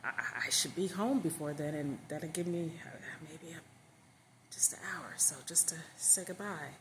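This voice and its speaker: A woman's voice: low-pitched, normal speed, a bit bright, slight background noise. A woman voicing Troy, a weary, guarded adult husband who speaks in a subdued, hesitant way.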